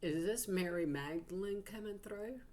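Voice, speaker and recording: A woman's voice: mid-range voice, moderate pace, warm tone. A woman with a Southern US accent leading a casual psychic channeling session, chatty and folksy, swearing freely and saying y'all a lot. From Georgia, US.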